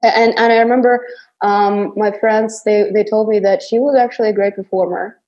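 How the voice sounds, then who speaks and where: A young adult woman from Kazakhstan speaks as a guest in a relaxed interview. Her medium-pitched voice turns animated as she tells stories, full of false starts and quick laughs. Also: dull audio. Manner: animated storytelling with frequent restarts and laughter. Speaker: actress guest. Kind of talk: casual interview conversation.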